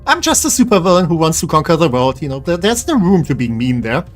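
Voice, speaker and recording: A man's voice: on the high side, very animated, quick pace, faint music behind. A man live-streaming a game, tired and rambling as he jokes with his chat in a self-deprecating way.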